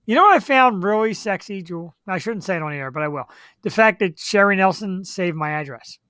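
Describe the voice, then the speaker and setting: A woman's voice: medium pitch, lively intonation, brisk, a bit bright, dry recording, clean studio sound. A woman hosting a live web show, chatting casually and rambling with easy laughs. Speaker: show host.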